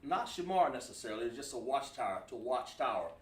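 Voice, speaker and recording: A man's voice: mid-range voice, big pitch swings, fast, a little hiss or hum. A man teaching a class at a board, explaining word by word with many fillers and repetitions. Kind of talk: classroom lesson. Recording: echoey room from far off.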